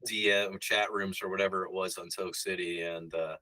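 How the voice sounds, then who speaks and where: Male guest, deep voice with a bright edge, rambling and reminiscing. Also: steady tone, moderate pace, no room sound, rough recording. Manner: rambling and reminiscing, with many restarts. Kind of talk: casual chat.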